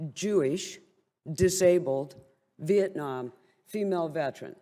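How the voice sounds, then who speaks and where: A woman's voice: low voice, darkish tone. An older woman who is a military veteran gives an impassioned, blunt and wryly indignant speech at a briefing. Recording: long hall reverb.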